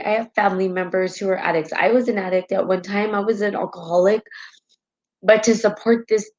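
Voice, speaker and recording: A woman's voice: medium pitch, highs cut off. A woman hosting a spiritual live stream in casual talk, heartfelt and rambling, often tagging her sentences with "right?", and tearful at times.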